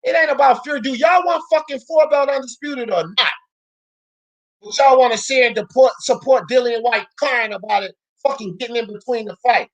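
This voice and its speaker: A woman's voice: fairly high pitch, moderate pace. Ranting, foul-mouthed woman boxing host. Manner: loud, profane, ranting, often shouting. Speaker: sports talk show host. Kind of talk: heated boxing commentary rant.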